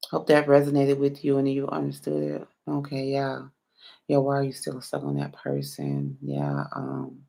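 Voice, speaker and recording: Late at night on a live stream, a woman reads tarot, answering viewers one at a time. Her voice is a deep rumble with vocal fry and a darkish tone, and she yawns sleepily while rambling through plenty of fillers.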